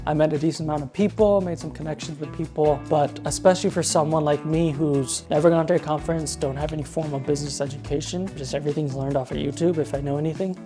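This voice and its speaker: A man recapping an event casually in a vlog, rambling with lots of fillers. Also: fairly high pitch. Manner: rambling, filler-heavy, quotes others in his own voice. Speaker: vlogger.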